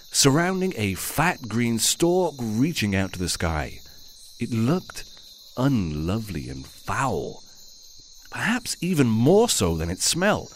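A man's voice: mid-range voice, a little hiss or hum. A man performing a short story aloud, with theatrical, old-fashioned inverted phrasing. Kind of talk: scripted story narration.

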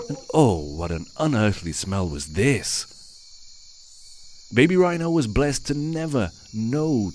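A man's voice: lowish voice, a little mellow, a little hiss or hum. A man performing a short story aloud, with theatrical, old-fashioned inverted phrasing. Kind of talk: scripted story narration.

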